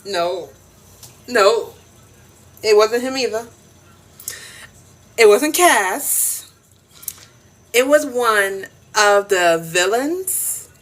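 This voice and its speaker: A woman's voice: mid-range voice, expressive, very slow, pauses often. A young woman chatting casually on a live stream, giggling, teasing and repeating herself. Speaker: TikTok livestreamer.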